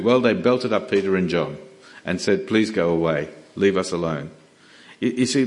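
A man preaching a sermon in an earnest, emphatic way, often restarting his words. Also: medium pitch.

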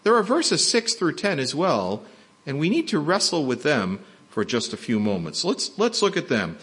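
A man's voice: on the high side, wildly swooping pitch, normal speed, fairly bright tone, husky. A man preaching a sermon, explaining a Bible passage with emphatic rhetorical questions. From not from Texas. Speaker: pastor.

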